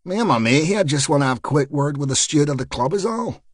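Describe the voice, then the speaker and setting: A man's voice: fairly high pitch, lively intonation, fast, no echo. Guy doing a big tattooed northern irish tough guy, needling, dry close sound. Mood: mock-friendly. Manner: put-on Belfast tough-guy act, needling. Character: burly tattooed male detective, menacing.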